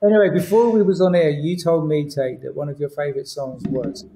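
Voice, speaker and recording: A man chatting casually as a podcast guest, joking and telling a quick bar story. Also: on the high side, fairly even intonation, dark tone, slight background noise. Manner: joking, banter, acts out quotes.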